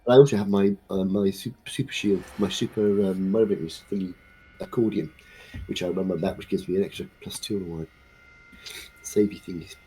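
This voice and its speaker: Player, male, husky, low, playful rambling delivery. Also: fairly even intonation, brisk, dark tone, poor audio. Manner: playful, rambling, forgets game terms. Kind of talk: casual tabletop play.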